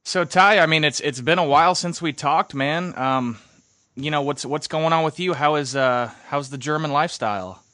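A young man from the United States hosts a podcast with easygoing, joking chat. His voice is bright at a middle pitch, recorded dry with no room sound. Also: moderate pace, no room sound. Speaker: podcast host. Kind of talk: casual chat.

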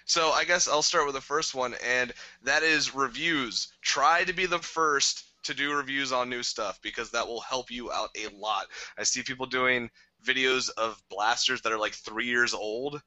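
A young man co-hosting a casual podcast, telling rambling, excitable stories. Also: medium pitch, measured pace, no room sound, poor audio. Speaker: podcast co-host. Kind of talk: casual chat.

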